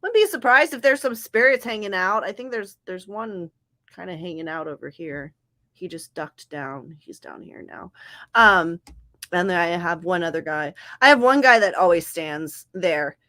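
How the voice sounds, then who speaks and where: A young Southern California woman runs a writing-sprint livestream, chatting loosely with viewers and calling them by name as she rambles and corrects herself. Her voice is fairly low-pitched and sharp, animated, at a moderate pace.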